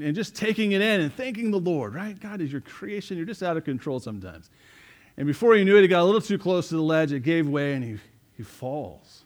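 Conversational pastor preaching a sermon. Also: male voice, fairly high pitch. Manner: conversational, asks "right?" often, repeats words.

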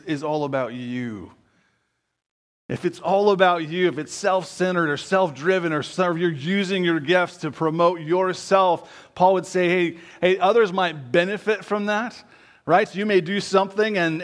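Conversational man preaching a sermon. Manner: frequent tag questions, conversational preaching with self-corrections; drops low and quiet at key words. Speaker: pastor.

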